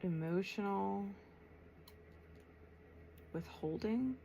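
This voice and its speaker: A woman tarot reader channeling messages aloud, thinking as she goes, with long pauses and a soft, unhurried way of talking. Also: medium pitch, gravelly, slight background noise. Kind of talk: slow, reflective spiritual channeling.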